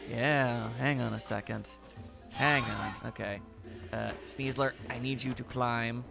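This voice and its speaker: A man's voice: mid-range voice, steady tone, slow pace, gravelly, music in the background. A young man giving playful, chatty let's-play commentary and talking to the game. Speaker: video game streamer.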